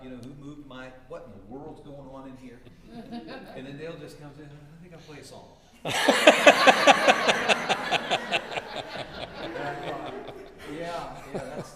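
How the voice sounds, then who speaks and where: A man's voice: mid-range voice, slight background noise. A man teaching a church Bible class in an earnest, self-deprecating way, often repeating words as he starts a thought. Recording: echoey hall, mic from far off.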